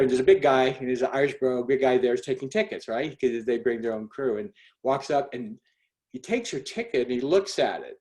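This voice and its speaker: Medium in pitch, a middle-aged man's voice animates a personal story he tells on a group call. He talks conversationally, with many fillers and restarts.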